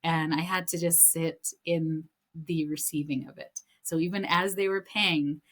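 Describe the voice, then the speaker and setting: Female podcast host, low-pitched, chatty storyteller with fillers, upbeat spiritual chat. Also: fairly even intonation, measured pace, fairly bright tone. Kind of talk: casual spiritual talk.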